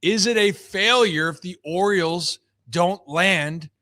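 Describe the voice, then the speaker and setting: A man's voice: sits high, slow pace, sharp tone, no echo, studio quality. A man hosting a live sports talk show, opening in an upbeat, conversational way and talking straight to the viewers.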